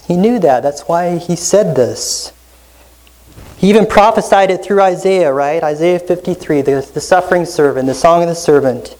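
A man's voice: fairly high pitch, darkish tone, low-quality recording. A man preaching an expository sermon, teaching with frequent rhetorical questions and reading scripture passages aloud. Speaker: pastor.

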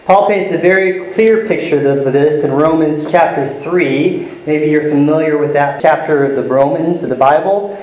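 A male pastor preaching an earnest teaching sermon, slowing down to spell out key words. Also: on the high side, darkish tone, roomy sound, rough recording. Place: church sanctuary.

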